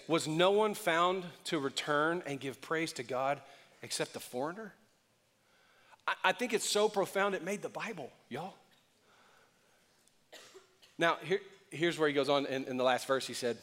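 A male pastor preaches with a slightly high voice, shifting between loud, lively lines and quiet, hushed ones. His talk is conversational and expressive, and the sound rings out with the long reverb of a big hall. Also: a little slow, long pauses. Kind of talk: sermon.

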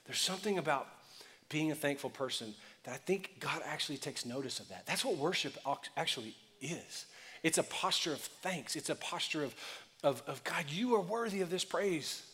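Man, pastor, sermon, conversational and expressive, slightly high voice, long hall reverb. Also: moderate pace, breathy edge. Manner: expressive, conversational preaching with acted quotes.

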